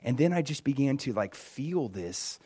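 A man's voice: mid-range voice, moderate pace, husky. Man telling a story in a testimony sermon. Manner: storytelling, swings from hushed near-whisper to loud and excited.

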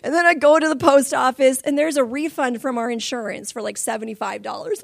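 A woman in her forties preaching, telling personal stories in an animated way. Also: high-pitched, fairly quick, vocal fry, few pauses, dry recording, clean studio sound. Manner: animated storytelling, laughing and crying through stories. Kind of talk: sermon testimony.

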